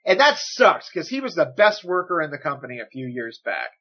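Husky, animated podcast co-host. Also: male voice, fairly high pitch, a little fast, muffled recording. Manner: animated, swearing, joking. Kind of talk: casual chat.

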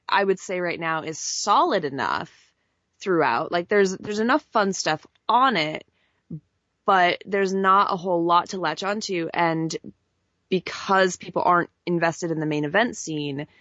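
A woman with a fairly low voice, co-hosting a wrestling chat show. She reasons through her opinions at an even pace, leaning on "like" as she thinks. The sound is dry and a little dull. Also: dry recording. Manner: measured, thinking aloud with many "like" fillers. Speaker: podcast co-host.

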